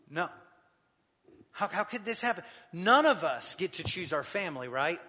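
A man preaching a sermon, retelling scripture with lively acted-out quotes. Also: sits high, moderate pace, slightly rough, long reverb tail. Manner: animated storytelling, acting out quotes. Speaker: pastor.

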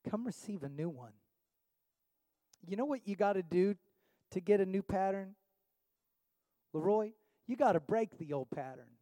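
A man's voice: sits high, lively intonation, normal speed, pauses often, dark tone, no echo. A man pastor preaching a sermon with rhetorical questions, building to an impassioned altar call.

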